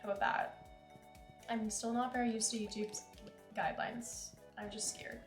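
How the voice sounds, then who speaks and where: A woman's voice: a little high, little pitch movement, moderate pace, echoey room, over music. A young woman streamer chatting casually and giggling while she plays a game. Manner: chatty, giggly, reads game lines aloud. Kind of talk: casual chat while playing.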